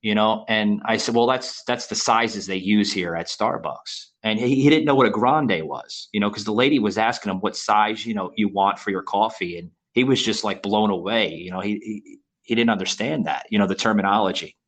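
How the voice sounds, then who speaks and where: A man from Florida co-hosting a podcast, speaking haltingly with repeated words and constant you-knows. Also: lowish voice, fairly bright tone, low-quality recording. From Florida, USA. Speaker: podcast co-host. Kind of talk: casual podcast interview.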